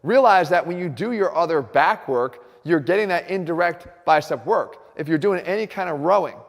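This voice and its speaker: A man explains his training approach in an earnest, direct way, talking straight to his viewers. His voice sits a touch high for a man. A long reverb trails behind his words. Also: lively intonation, normal speed, vocal fry. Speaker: fitness video host. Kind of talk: instructional fitness talk.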